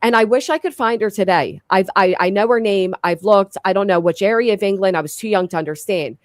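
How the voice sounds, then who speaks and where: Talkative American woman host, mid-pitched, eager, dry close sound. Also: a little fast, dry recording. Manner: enthusiastic, talkative. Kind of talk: casual chat.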